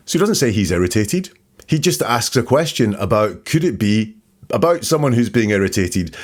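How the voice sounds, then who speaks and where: A man hosting a podcast, calmly analyzing the wording of a police interrogation step by step. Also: on the low side. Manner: methodical, breaks down wording step by step. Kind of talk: analytical commentary.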